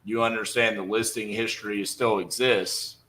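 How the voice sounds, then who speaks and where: A man's voice: fairly low pitch, fairly even intonation, normal speed, a bit bright, poor audio. A young man in casual livestream talk, blunt and conversational, with frequent fillers, between cold calls to sellers. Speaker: real estate wholesaler.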